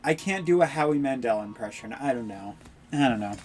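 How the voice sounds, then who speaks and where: A woman's voice: very deep voice, lively intonation, a little fast, a little mellow, soft background music. A woman streaming a video game, making wry, sarcastic asides as she plays. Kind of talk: casual game commentary.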